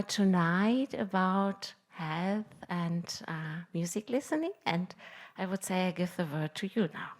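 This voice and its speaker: A woman hosts a public lecture and introduces the guest. She talks slowly and hesitantly, searching for words and stumbling as she goes. Her voice sits at a middle pitch. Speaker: host introducing the speaker. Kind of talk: formal introduction.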